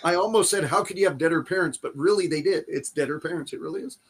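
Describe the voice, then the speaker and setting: Male host, a touch high-pitched, profane, laughs often, keeps the talk moving. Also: fast, husky. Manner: swearing, laughing, steering topics. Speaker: podcast host. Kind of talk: casual chat.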